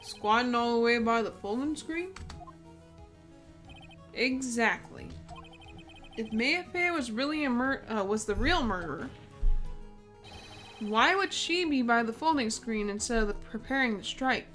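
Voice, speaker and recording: A woman's voice: on the high side, expressive, measured pace, long pauses, fairly bright tone, faint music behind. A woman doing a nervous young male lawyer. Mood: thinking. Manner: puzzling aloud, stumbling.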